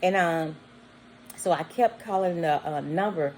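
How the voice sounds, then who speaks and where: A woman's voice: on the low side, unhurried, a little hiss or hum, poor audio. A woman casually telling a long personal story, acting out the people in it. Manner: animated, acts out quoted voices with bleeped words. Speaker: vlogger.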